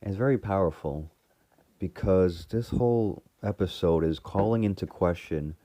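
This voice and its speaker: A man's voice: low voice, normal speed, mellow, dry recording. A man casually recapping a TV episode in a rambling way, full of fillers and restarts. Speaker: fan reviewer retelling a TV episode.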